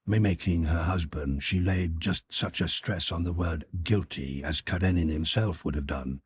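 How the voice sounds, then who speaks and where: A man reads a classic novel aloud as a measured, expressive audiobook narrator. His voice is low and very husky, with a lively, wide-ranging pitch. The sound is close and dry. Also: no room sound.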